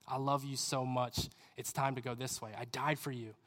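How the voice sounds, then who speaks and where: A man voicing a gentle, urgent leader who softly pleads with a follower to move forward, in a hushed tone. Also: mid-range voice, level tone, moderate pace, in a large hall, voice pushed down, natural voice. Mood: hushed pleading.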